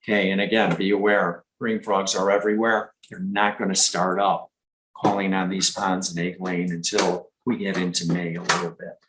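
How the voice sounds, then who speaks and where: A man's voice: deep voice, level tone, moderate pace, background noise. Guy from michigan giving a casual frog talk, doing little frog call sounds. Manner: chatty, imitates frog calls. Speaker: nature educator. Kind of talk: live presentation.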